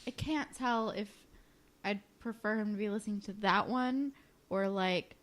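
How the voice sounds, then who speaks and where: A woman's voice: mid-range voice, unhurried, a bit bright. A woman co-hosting a podcast, chatting casually and bluntly, swearing freely. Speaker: podcast co-host. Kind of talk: casual chat.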